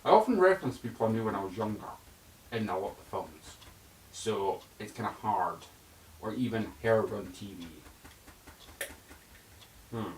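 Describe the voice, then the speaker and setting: A man's voice: lowish voice, animated, normal speed, pauses often, a little hiss or hum. A man working as a voice actor, chatting casually through a demo of voice impressions and switching between put-on voices. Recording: roomy echo, mic at a distance.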